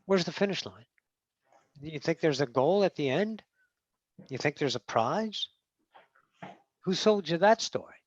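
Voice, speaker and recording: A trans woman channeling spiritual teachings in a meeting, blunt and profane, swinging from low murmurs to loud outbursts. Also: dry recording. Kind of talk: channeling session talk. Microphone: video call. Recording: dull, dry video call audio.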